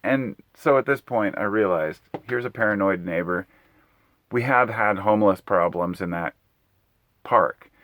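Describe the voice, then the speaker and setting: A middle-aged man with a lowish voice tells a personal story, rambling and animated as he acts out what everyone said. The sound is dry and close, with no room around it. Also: a little slow, dry recording, phone-quality sound. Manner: rambling, animated retelling with acted-out quotes. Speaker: vlogger telling a personal story. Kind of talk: casual storytelling monologue.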